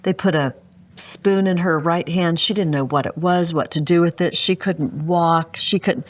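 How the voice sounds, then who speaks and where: A woman's voice: fairly low pitch, steady tone, moderate pace. Earnest middle-aged woman telling a story. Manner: earnest, vivid retelling, addresses the host often. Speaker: guest entrepreneur. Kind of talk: emotional storytelling.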